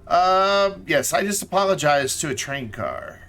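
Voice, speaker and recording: A man's voice: a little high, sing-song, moderate pace, a bit bright, faint music behind. A man casually commenting while he plays a game on a live stream, thinking aloud and chatting to the things on his screen. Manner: chatty, talks to himself and to objects in the game; mumbles and repeats himself while thinking aloud.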